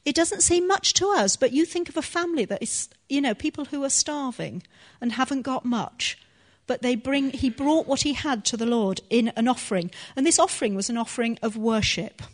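Female preacher, earnest teaching tone, a touch high-pitched. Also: fairly quick, hardly any pauses. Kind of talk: sermon.

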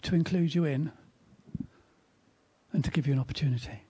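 A man preaching at a church service, telling a story with emphasis and dropping to a hushed tone at quiet moments. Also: fairly high pitch, brisk, husky. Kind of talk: sermon with storytelling.

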